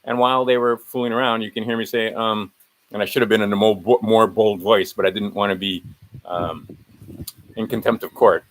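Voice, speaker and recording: A man's voice: lowish voice, steady tone, fairly quick, slight background noise, rough recording. A man walking viewers through his documents in a casual screen-share, rambling and correcting himself as he rattles off legal citations. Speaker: video host.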